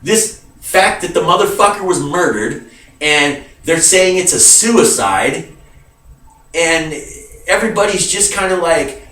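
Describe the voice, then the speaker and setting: A man's voice: on the high side, very animated, slow pace, fairly bright tone, recorded from a distance. A grieving, agitated man ranting to camera, swearing heavily and calling his viewers dude. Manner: heavy swearing, emphatic, calls viewers dude. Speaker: vlogger. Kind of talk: emotional rant to camera. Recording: roomy sound from away from the mic.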